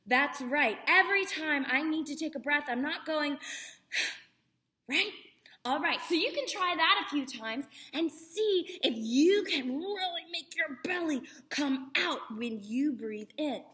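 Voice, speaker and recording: Woman, acting teacher, high pitch, bright tone, encouraging, demonstrative. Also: animated, measured pace, few pauses. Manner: encouraging, demonstrates vocal exercises. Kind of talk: voice lesson for kids.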